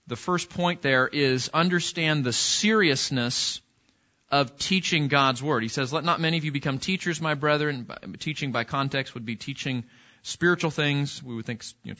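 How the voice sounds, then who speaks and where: Bright-voiced man teaching a Bible class. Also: on the high side, muffled recording. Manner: conversational, asks the class questions, frequent restarts. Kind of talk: interactive Bible study lesson.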